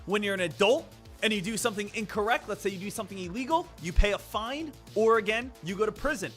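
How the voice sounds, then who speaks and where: A man with a high, bright-toned voice giving an emphatic live-stream talk about trading. He lectures his viewers and hammers points home by repeating himself. Faint music plays underneath. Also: fast talker.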